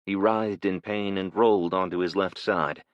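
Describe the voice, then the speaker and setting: A man narrating a thriller audiobook in a measured, steady storytelling manner. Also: low-pitched, dry recording, lo-fi sound.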